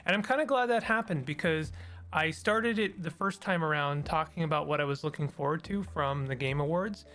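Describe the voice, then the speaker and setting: A man's voice: a little high, a little fast, fairly bright tone. A man hosting a casual solo commentary on games, talking in a rambling, tired and cynical way with many restarts. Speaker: gaming video host.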